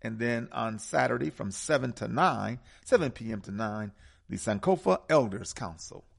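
A man's voice: medium pitch, animated, vocal fry. A man hosting a radio talk show, speaking with an emphatic, preaching cadence and repeating key words. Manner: preaching cadence with dramatic pauses.

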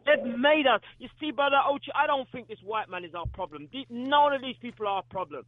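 Guest: high-voiced man, emphatic and preacherly, on a dry, tinny phone line. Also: expressive, brisk, no echo. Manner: preacherly, emphatic, repeats questions. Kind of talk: call-in discussion.

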